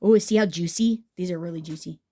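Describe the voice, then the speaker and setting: Woman, mellow warm tone, casual craft tutorial, chatty, enthusiastic, thinking aloud. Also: on the low side, fairly quick. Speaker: craft vlogger.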